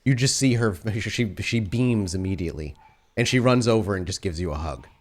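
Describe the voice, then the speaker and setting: A man's voice: lowish voice, expressive, brisk. Man narrating a tabletop game. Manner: descriptive, second-person scene narration. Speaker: game master.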